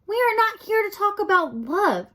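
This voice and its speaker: A woman's voice: extremely high pitch, big pitch swings, normal speed, a bit bright, voice pushed up, heavily acted. A woman voicing a stern, worried male head mouse presiding over a trial in a commanding way.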